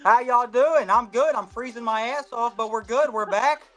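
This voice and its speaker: A man's voice: very high-pitched, normal speed, fairly bright tone. A man joining a live show as a guest over a call, loose and joking. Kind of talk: casual chat over a call.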